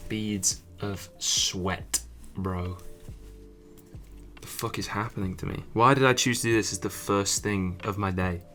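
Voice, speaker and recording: A man's voice: on the low side, steady tone, unhurried, fairly bright tone, soft background music. A young man chatting casually while he draws, muttering and swearing as he gets frustrated. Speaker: artist streamer. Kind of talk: casual drawing commentary.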